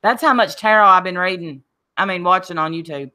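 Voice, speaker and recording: A woman co-hosting a casual chat show, animated and opinionated, acting out quotes as she talks. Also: on the low side, a little fast. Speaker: podcast co-host.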